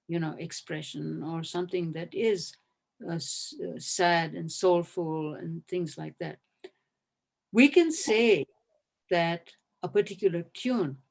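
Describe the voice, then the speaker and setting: A woman professor speaks in a measured, reflective way over a video call, working through her ideas aloud. She hesitates now and then with small fillers and restarts before settling on her point. She sounds like she is explaining something in a webinar. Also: lowish voice, gravelly, a little mellow. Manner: measured, thoughtful, frequent hesitations and self-corrections. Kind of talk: webinar talk answering a question.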